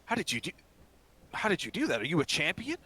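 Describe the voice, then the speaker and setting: A man's voice: fairly high pitch, wildly swooping pitch, fast talker, bright, forceful tone, husky, voice pushed up, heavily acted. A man doing a stammering, jittery shopkeeper. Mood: nervous. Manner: stammering, nervous, pleading. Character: timid, fast-talking male shopkeeper.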